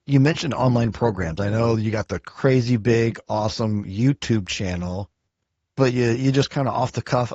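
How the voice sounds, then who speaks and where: A man hosting a podcast, talking in a relaxed, chatty way with lots of fillers. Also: medium pitch, a little fast, no echo, dull audio. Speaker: podcast host. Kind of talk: casual interview chat.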